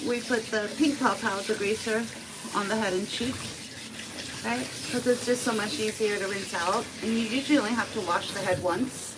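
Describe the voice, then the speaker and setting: A woman's voice: mid-range voice, fairly even intonation, normal speed, background noise. A woman cat groomer chatting and cooing to a cat she is bathing in a grooming salon. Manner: chatty, sing-song, talks to the cat. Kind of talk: casual talk while bathing a cat. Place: grooming salon bath area, indoors.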